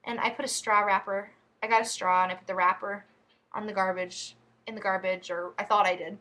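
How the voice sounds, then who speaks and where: A woman's voice: medium pitch, fairly even intonation, a little fast, bright, forceful tone. A woman vlogging, telling embarrassing stories in a chatty, giggly, rambling way. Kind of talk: casual storytelling to camera.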